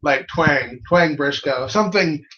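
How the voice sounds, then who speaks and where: A man's voice: on the high side, measured pace, bright, forceful tone, lo-fi sound. A man co-hosting a casual review chat, joking and laughing often. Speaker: co-host.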